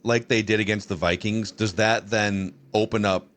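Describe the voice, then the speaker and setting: A man hosting a football podcast, setting up topics in a brisk, conversational way. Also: lowish voice, fairly even intonation, a bit bright, slight background noise. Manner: brisk, conversational host patter. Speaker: podcast host. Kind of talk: casual sports talk.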